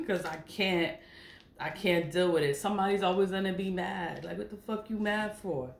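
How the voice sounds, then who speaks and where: A middle-aged woman with a low voice speaks casually to camera, blunt and profane and laughing often. The room is echoey, with a faint hiss behind her. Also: normal speed, gravelly. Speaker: spiritual vlogger. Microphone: camera mic.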